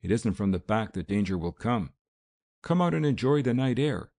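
A cool-headed vigilante speaks in a calm, dry, measured way, voiced by a man reading aloud. The voice is deep and mellow with a gravelly edge. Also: exaggerated voice.

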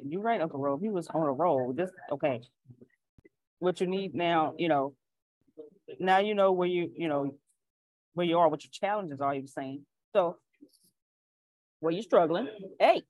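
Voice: mid-range voice, darkish tone, dry recording, poor audio. Class host, chatty, laughs often, dry close sound, video call. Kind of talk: casual online class.

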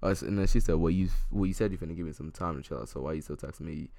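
A man's voice: rumbling low, very fast, creaky, dark tone, dry recording. A young man co-hosting a casual chat, telling a long story with many restarts and acting out both sides of a text exchange.

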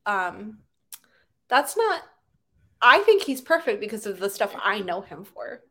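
A woman's voice: medium pitch, big pitch swings, a little slow, pushed and bright. A young woman co-hosting a casual movie chat, rambling with many fillers and bursts of laughter. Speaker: podcast co-host.

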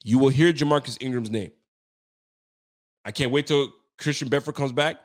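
A man's voice: mid-range voice, normal speed. A young man hosting a sports podcast, giving a frustrated, slangy postgame rant that keeps repeating its points.

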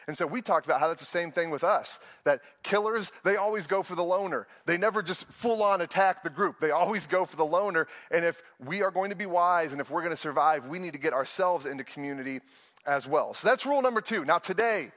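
A young man, a pastor, preaching a sermon with animated storytelling and playful asides. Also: on the high side, a little fast, in a large hall.

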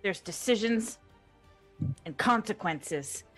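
A woman's voice: mid-range voice, expressive, slow, faint music behind. A woman voicing a cocky male actor adventurer in a tabletop game, quoting his agent with swagger.

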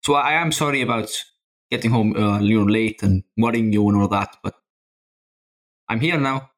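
In a lowish voice at a moderate pace, this player role-plays in character at the tabletop. His speech is loose and halting, filled with "uh"s and the odd curse word.

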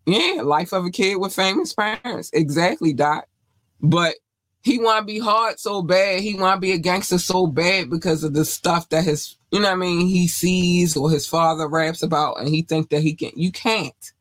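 A woman's voice: fairly low pitch, moderate pace, no echo, rough recording. Blunt, scolding podcast host woman. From North Carolina, USA. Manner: scolding, blunt and profane rant. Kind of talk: entertainment news podcast commentary.

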